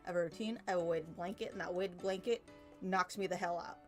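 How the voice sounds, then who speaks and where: With soft music in the background, a young woman works on a drawing while rambling, venting, and cursing freely for her art stream. She talks fast, in a steady tone, with a voice on the low side.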